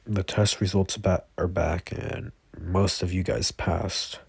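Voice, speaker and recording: Guy doing a stern no-nonsense teacher man, blunt, husky, dry sound. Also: low-pitched, fairly even intonation, slow pace, dry recording, heavily acted. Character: stern adult male teacher, blunt and strict.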